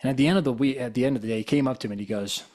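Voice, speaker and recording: A man's voice: medium pitch, rapid-fire, darkish tone. A man giving a casual spiritual talk as a coach and guest speaker, telling stories conversationally with lots of "you know". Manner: casual, conversational, acts out quoted dialogue; loose and informal, with fillers like "you know". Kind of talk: live motivational talk with storytelling.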